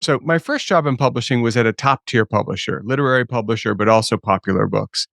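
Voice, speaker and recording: A man's voice: medium pitch, fast talker, creaky, fairly bright tone, dry recording, clean studio sound. A man co-hosting a podcast, chatting in a wry, self-deprecating way. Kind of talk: casual interview chat.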